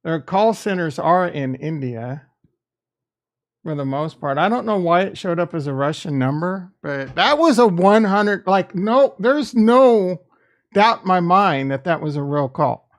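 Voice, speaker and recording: A man's voice: high voice, animated, a little slow. A man hosting a casual livestream, talking back to his chat in a defensive, joking way. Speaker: livestream host reading chat.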